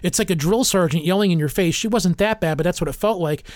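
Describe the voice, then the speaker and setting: A man's voice: sits high, quick pace, no room sound, clean studio sound. A middle-aged man telling a story in casual chat, acting out the voices of the people in it. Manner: animated, acts out quotes in a raised voice.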